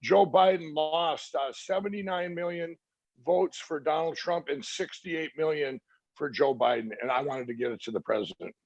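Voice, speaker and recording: A middle-aged man telling a long story in an interview, halting with many restarts and fillers, quoting what others told him. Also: fairly high pitch, gravelly, no echo. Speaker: interview guest. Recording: dry, dull lo-fi sound.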